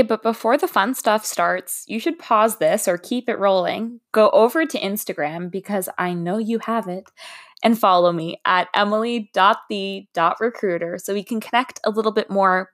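A woman's voice: mid-range voice, normal speed. A young adult woman who works as a recruiter, hosting her own podcast in a candid, chatty monologue with self-deprecating humor.

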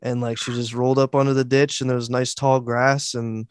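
A man's voice: mid-range voice, flat delivery, fairly quick, smooth, dry recording, studio quality. A man hosting a podcast, telling a story casually and quoting what people said. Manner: casual, many fillers and restarts, quotes voices. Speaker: podcast host.

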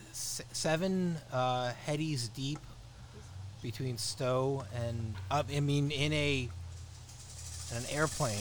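Man co-host, mid-pitched, rambling storyteller, casual chat, faint noise behind. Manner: rambling, laughing, lots of restarts. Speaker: podcast co-host.

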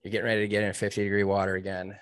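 Earnest low-voiced man telling a story. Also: monotone, rapid-fire, fairly bright tone, smooth, no room sound. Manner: earnest, emotional, with restarts and laughs. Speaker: interview guest, former Navy SEAL trainee. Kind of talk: storytelling in a conversational interview.

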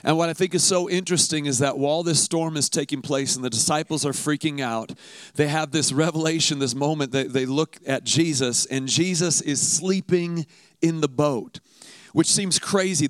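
A man's voice: a little high, normal speed, dry recording. A man preaching a sermon in a conversational, emphatic way, often repeating words for effect.

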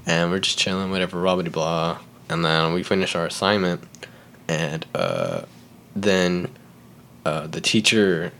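A young man tells a story on a podcast, easygoing and animated, with a fairly low voice. He keeps saying "like" and "right?" and breaks into laughter. A faint hiss sits under the recording. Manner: animated, acts out quotes, laughs often, says "like" and "right?". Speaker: podcast guest. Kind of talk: casual storytelling chat.

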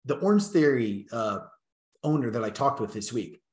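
A man's voice: mid-range voice, animated, normal speed, echoey room. A man co-hosting a business podcast who tells stories in a heartfelt, fervent way, full of "like" and agreeing "yep"s. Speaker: podcast co-host, gym owner. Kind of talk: casual business podcast talk.

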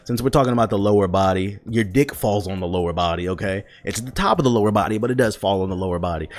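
A grown man ranting loudly and profanely, scolding his audience with emphatic repetition. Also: on the low side, quick pace. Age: adult. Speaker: vlogger. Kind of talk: profane comedic rant.

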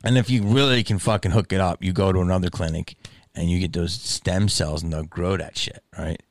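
A man's voice: low voice, steady tone, a little fast, no echo, studio quality. A man hosting a podcast, telling a rambling, profane story in a casual monologue. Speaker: podcast host.

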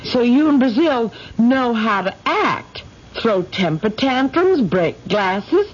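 A proud American career wife whose husky voice leaps around in pitch as she turns sharp and indignant. It comes through a muffled old radio broadcast. It is a vintage radio drama. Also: sing-song, slow pace, exaggerated voice. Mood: defiant.

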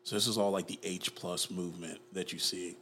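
A man co-hosting a podcast, talking casually and getting animated, with playful put-on voices. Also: deep voice, a little fast, a little hiss or hum. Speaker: podcast co-host. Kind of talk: casual chat.

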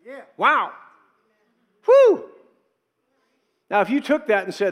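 A man's voice: very high voice, huge pitch swings, takes it slowly, pauses often, a bit bright, long reverb tail. A middle-aged male pastor preaching a sermon in a conversational way, acting out quotes and adding asides.

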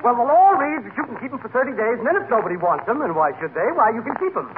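An actor playing a pedantic, prissy young newspaper clerk in a 1940s radio comedy. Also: male voice, very high voice, big pitch swings, racing. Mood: fussy. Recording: tinny old radio broadcast with faint hiss.

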